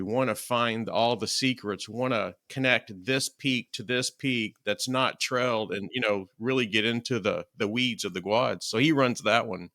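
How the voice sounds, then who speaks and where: Casting: male podcast host, bright, punchy voice, dry close mic, chatty storyteller. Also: medium pitch, no echo. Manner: chatty, animated storyteller acting out quotes. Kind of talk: casual interview chat.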